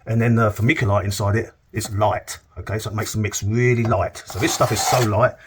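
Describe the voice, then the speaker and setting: A man's voice: on the low side, fairly even intonation, fairly quick, noisy background. A middle-aged man, giving a chatty, joking on-the-job plastering demonstration and checking in with "okay?" as he goes. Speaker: plasterer demonstrating cornice work. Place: indoor room on a work site.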